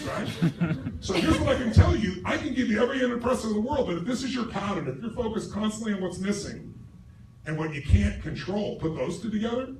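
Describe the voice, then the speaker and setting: Profane, forceful man speaking on a stage. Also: sits high. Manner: forceful, profane, asks the crowd questions. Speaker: motivational speaker. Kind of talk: live seminar speech to a large audience. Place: large hall with a live audience. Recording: roomy stage recording from far off, noisy.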